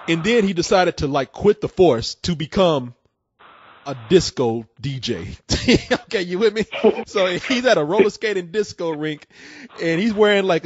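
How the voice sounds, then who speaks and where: A man with a high, very lively voice hosts a call-in show, retelling stories with excited bursts. His voice is husky and sits close to a dry, dull-sounding mic. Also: no echo. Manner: excitable storyteller, acts out scenes with loud bursts. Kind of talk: casual call-in chat.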